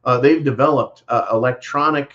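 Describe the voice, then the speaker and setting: A man hosting a casual livestream, rambling along in a folksy way, full of "uh"s and restarts. His voice sits at an ordinary middle pitch. The stream audio is dull and lo-fi. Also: steady tone, moderate pace, a bit bright. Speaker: livestream host reading super chats. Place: Texas.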